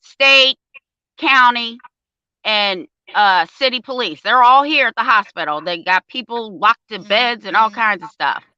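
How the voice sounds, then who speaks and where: Animated older woman telling a story. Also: on the high side, a little slow, smooth, no room sound, dull audio. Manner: animated storyteller, acts out quotes. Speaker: guest, parent advocate. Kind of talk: casual storytelling.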